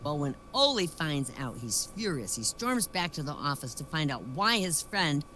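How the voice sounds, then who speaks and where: Woman, stand-up comic, bright tone, lively delivery, faint noise behind. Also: sits low, normal speed, rough recording. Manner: chatty, complains wryly, narrates jokes with put-on voices. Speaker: comedian. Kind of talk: stand-up joke telling.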